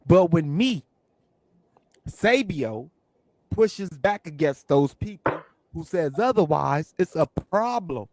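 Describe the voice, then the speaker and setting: A man's voice: fairly high pitch, expressive, slow pace, darkish tone. A man arguing heatedly on a live stream debate, insistent and combative, repeating his points. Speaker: debate panelist.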